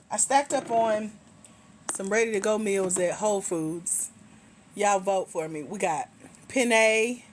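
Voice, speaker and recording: A middle-aged woman hosting a casual livestream, a grant coach who chats with viewers in a teasing, slangy, relaxed way while walking around at home, a little tired. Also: a little high, a little hiss or hum. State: tired, low energy.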